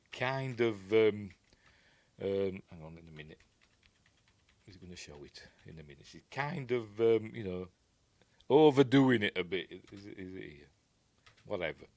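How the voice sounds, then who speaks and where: A film reviewer with a Yorkshire accent and a low voice gives a casual, rambling breakdown of a film, full of fillers and restarts. There is no room sound.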